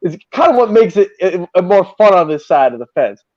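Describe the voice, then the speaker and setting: A man chatting casually as a podcast host, telling animated stories full of swearing. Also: high voice, brisk, no echo, lo-fi sound. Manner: profane, animated storyteller. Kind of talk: casual storytelling chat.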